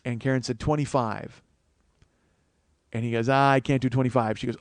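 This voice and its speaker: A man's voice: mid-range voice, fairly even intonation, normal speed, no echo. A man, a comedian hosting his own show, telling a long story and acting out the other people's voices. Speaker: comedian host. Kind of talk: storytelling monologue.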